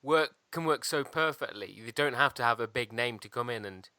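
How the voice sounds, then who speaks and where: Bright-voiced joking man. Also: medium pitch, normal speed, clean tone, no echo. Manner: jokey short interjections. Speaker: podcast co-host. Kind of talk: casual podcast chat.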